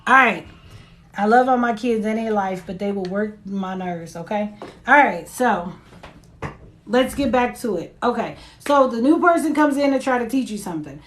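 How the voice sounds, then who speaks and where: A woman's voice: a little high, lively intonation, moderate pace, a bit bright. Chatty woman reading tarot live. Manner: chatty, loose, tag questions and asides to viewers. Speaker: tarot reader. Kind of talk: live-streamed tarot reading, casual chat. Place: at home. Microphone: phone.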